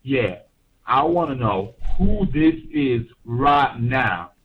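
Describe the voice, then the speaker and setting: A man's voice: medium pitch, expressive, slow pace, breathy edge. A man on a prank phone call, angrily accusing the other party, heard over dull lo-fi phone audio. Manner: angry, accusing. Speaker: prank caller.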